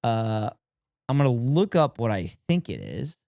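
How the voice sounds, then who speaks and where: Excitable male streamer, dry sound. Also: mid-range voice, a little slow, gravelly, no echo. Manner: excitable, repeats phrases, laughs often. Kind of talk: casual reaction commentary to chat.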